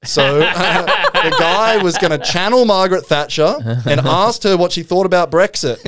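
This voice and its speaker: A man's voice: high-pitched, moderate pace, a bit bright. A man, co-hosting a casual comedy chat, retelling a story animatedly and laughing often. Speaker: podcast co-host.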